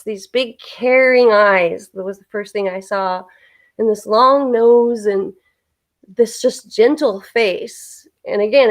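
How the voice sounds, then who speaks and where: A woman hosting a casual spiritual chat on a live stream, earnestly telling a long personal story. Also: fairly high pitch. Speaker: host.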